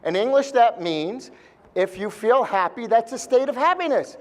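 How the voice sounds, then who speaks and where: A man's voice: extremely high pitch, lively intonation, moderate pace. A man speaking live to a seminar audience, blunt and joking, with mild swearing.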